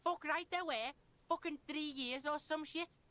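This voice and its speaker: Bratty swearing game kid, high bright voice, cocky and sneering, a woman doing him. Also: a little slow. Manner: swaggering, sneering, swears constantly, speaks of himself in third person. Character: foul-mouthed brash young boy, hostile. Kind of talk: video game voice acting.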